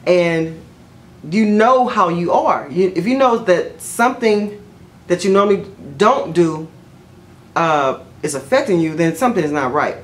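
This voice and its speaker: A woman vlogger telling a personal story in a chatty, rambling way, full of fillers and self-corrections, jumping up in pitch whenever she quotes herself. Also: animated, unhurried. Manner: jumps high in pitch when quoting herself. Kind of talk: casual storytelling to camera.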